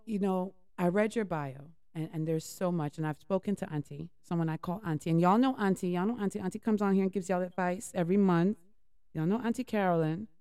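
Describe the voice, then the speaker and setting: A woman hosting a talk show interview, chatty and animated, her voice going hoarse. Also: on the low side, no echo, studio quality. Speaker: host.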